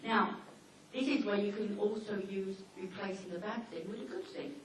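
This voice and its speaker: Chatty woman in an echoey hall. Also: mid-range voice. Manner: chatty and anecdotal, acts out dogs and people in quick asides. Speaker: dog behaviour trainer giving a seminar. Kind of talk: informal seminar talk to an audience. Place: seminar room with an audience. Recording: echoey hall, mic far off, faint noise.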